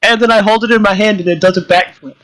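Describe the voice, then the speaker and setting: A player in a tabletop game, speaking casually in character, eager and hesitant with quick self-corrections. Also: mid-range voice, fairly even intonation, a bit bright, no room sound, low-quality recording.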